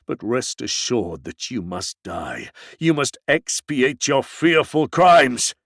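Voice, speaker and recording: A grim man bent on execution, speaking in an awful, choked voice, as a male reader plays him. The voice is gravelly and swings widely in pitch. The sound is dry and close. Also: big pitch swings, slow, a bit bright, dry recording, exaggerated voice.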